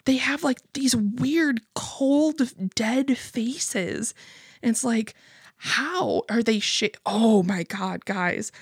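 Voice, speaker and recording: A woman's voice: on the high side, extremely slow, slightly rough, no room sound, clean studio sound. A young adult American woman hosting a comedy podcast, rambling through a story with lots of swearing and laughing at herself. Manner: profane, rambling, laughs at her own stories. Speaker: podcast host. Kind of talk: casual comedic monologue.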